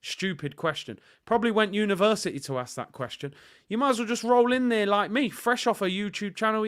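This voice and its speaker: A man with a fairly high voice riffs as a football channel host in loose fan commentary. He is sarcastic and jokey, and he rambles through plenty of "uh"s and "you know"s. His voice comes through smooth and clear. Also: fairly quick, fairly bright tone. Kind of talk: casual fan commentary on a livestream.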